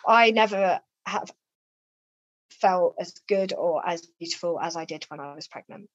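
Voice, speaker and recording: Woman telling her story, low voice. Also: moderate pace, husky, no echo. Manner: lively, acts out quoted dialogue with raised voice. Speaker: interview guest. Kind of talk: personal storytelling in a podcast interview. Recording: slightly dull, dry lo-fi sound.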